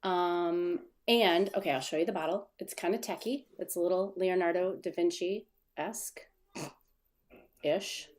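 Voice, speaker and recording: Sitting at her desk at home, this livestream host talks in a lowish, slow, slightly mellow voice. Her chat wanders casually, she reads comments from viewers aloud, and she laughs at her own slip-ups.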